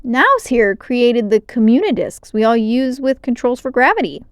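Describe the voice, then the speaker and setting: A woman's voice: on the high side, lively intonation, moderate pace, dry recording, studio quality, voice pushed up, lightly acted. A woman reading aloud, voicing a poised female alien ambassador who explains things graciously.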